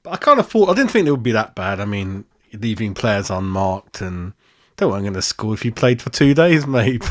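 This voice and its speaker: A man hosting a casual live-stream football match review, blunt and laughing, swearing and calling everyone mate. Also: medium pitch. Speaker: football fan channel host. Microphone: desk microphone.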